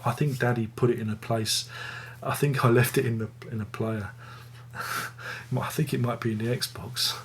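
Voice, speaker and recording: A man's voice: medium pitch, breathy edge. A man hosting a casual music review video, rambling and joking at his own expense. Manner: rambling, jokey, self-mocking.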